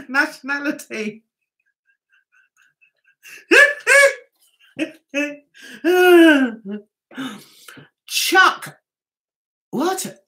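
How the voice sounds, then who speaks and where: Bright, animated Mancunian woman. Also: high-pitched. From Manchester, England. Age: middle-aged. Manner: chatty, giggly, reads viewer comments aloud. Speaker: livestream host. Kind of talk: casual livestream chat.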